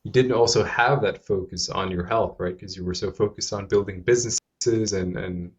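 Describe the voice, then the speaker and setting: A man's voice: lowish voice, normal speed. Podcast host man, slightly muffled line. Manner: frequent short backchannels, wordy questions. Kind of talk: casual interview conversation. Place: remote call from home.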